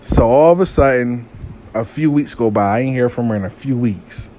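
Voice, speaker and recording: A man telling a casual storytime monologue, animated and profane, acting out what people said. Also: mid-range voice, moderate pace, a little hiss or hum.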